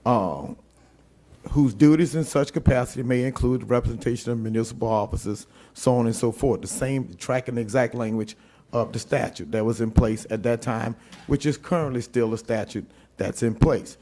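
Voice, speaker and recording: A man from Louisiana serving as city attorney, giving a formal legal presentation and reading court opinions aloud in a deliberate way with frequent fillers. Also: mid-range voice, mellow. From St. Landry Parish, Louisiana.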